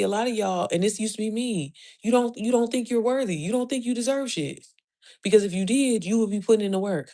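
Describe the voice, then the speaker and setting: A woman's voice: mid-range voice, mellow. Blunt, profane woman lecturing her followers. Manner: emphatic rhetorical questions; quick laughs between points. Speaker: online business coach. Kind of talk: casual motivational rant to camera.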